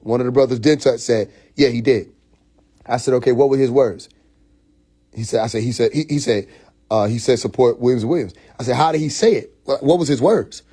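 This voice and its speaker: A man telling a story on a phone livestream, animated and profane, full of restarts and acted-out quotes. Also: mid-range voice, brisk, slightly rough. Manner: profane, confrontational. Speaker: livestream host. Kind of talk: casual livestream monologue. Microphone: phone mic.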